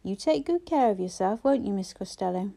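A woman's voice: medium pitch, animated, fairly quick, vocal fry, warm tone. A woman voicing a grumpy sardonic old man. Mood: grumbling. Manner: dry, grumbling sarcasm. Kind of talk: audiobook character voice.

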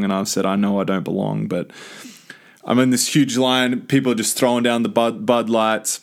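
Rambling Australian guy, low flat voice. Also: a little fast. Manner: enthusiastic, rambling with many restarts. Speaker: podcast host. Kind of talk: casual storytelling monologue.

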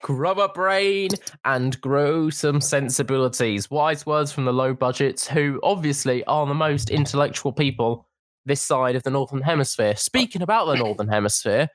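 Young man, casual podcast co-host, sarcastic and indignant, middle pitch, dry close sound. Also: moderate pace, dry recording. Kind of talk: casual opinion chat.

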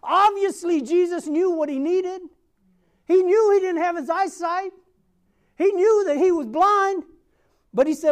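A man's voice: extremely high pitch, unhurried, long pauses. A man preaching a sermon, repeating a refrain and asking the congregation for amens. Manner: tells a Bible story with acted-out quotes.

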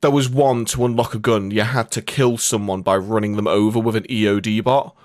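A man's voice: lowish voice, a little fast, no echo, clean studio sound. A man in casual gaming chat, swearing freely and telling stories with energy. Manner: swears often, animated storytelling.

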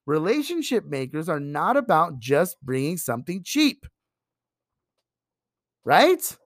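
A man giving a sales training talk, emphatic and animated, acting out pitches to customers. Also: takes it slowly, no echo, studio quality.

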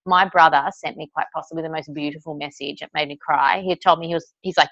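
A woman's voice: low-pitched, fairly even intonation, quick pace, vocal fry, fairly bright tone, dry recording. A woman co-hosting a casual podcast chat, talking in an effusive, emotional way over a dull remote line. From Australia. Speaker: podcast co-host.

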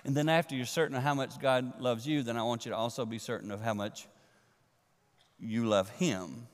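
A man preaching a sermon to a congregation, animated and swinging from loud to a near hush for emphasis. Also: mid-range voice, normal speed. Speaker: pastor. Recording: long reverb of a large hall.

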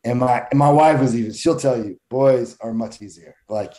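A man's voice: medium pitch, normal speed, warm tone. A man talking candidly in a casual conversation about coaching and parenting. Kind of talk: casual chat.

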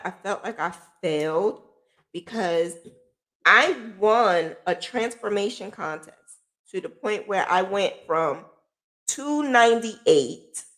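A woman telling her own story in a casual vlog, candid and emotional, swearing freely, her voice dropping low and quiet, then rising loud and laughing.

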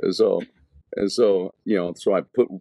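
A man's voice: deep voice, steady tone, moderate pace, creaky, warm tone, no room sound, clean studio sound. A middle-aged man telling his life story as an evangelist, rambling casually and acting out old conversations. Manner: storytelling, acting out past dialogue; loose, rambling, full of "you know". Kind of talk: casual spoken testimony.

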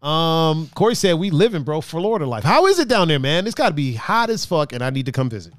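Brazilian-born guy hosting a loose chat, swearing a lot, voice jumping all over, a bit high. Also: quick pace, dry recording, clean studio sound. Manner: animated, profane, laughs often. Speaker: podcast host. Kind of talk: casual chat.

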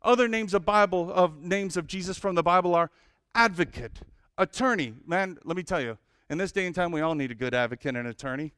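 A male pastor preaching a sermon, listing names of God with lively emphasis and humorous asides. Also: sits high, fairly quick, smooth, no room sound, studio quality.

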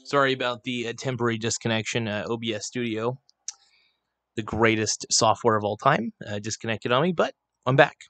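A man's voice: medium pitch, fairly quick, a bit bright, dry recording, faint music behind. A man hosting a casual livestream, rambling and swearing freely as he rants, speaking into a desk microphone. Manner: rambling, profane, irreverent. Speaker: livestream host. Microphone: desk microphone, not clipped on.

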